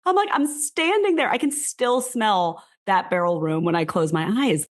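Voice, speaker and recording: A woman's voice: mid-range voice, normal speed. A woman from the United States, a guest in a casual interview, telling her story animatedly with frequent laughs and lots of "like.". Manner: animated, laughing, heavy use of "like". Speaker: guest, whisky brand founder.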